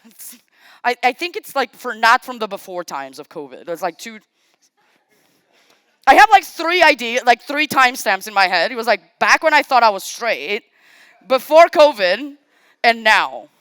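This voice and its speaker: A woman giving a live-coding talk at a conference. She is chatty and casual, makes self-deprecating asides, thinks out loud as she types, and speaks directly to the audience. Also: fairly high pitch, big pitch swings, normal speed, long pauses, clear, resonant tone, dry recording. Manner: thinks aloud while typing, talks to the audience. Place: conference stage.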